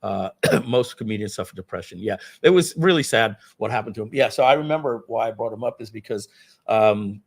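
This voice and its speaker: A man's voice: on the low side, expressive, a little fast, gravelly. Male livestream host, casual anecdotal storyteller, meandering delivery. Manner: rambling, many fillers, acts out quotes. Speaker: webinar host.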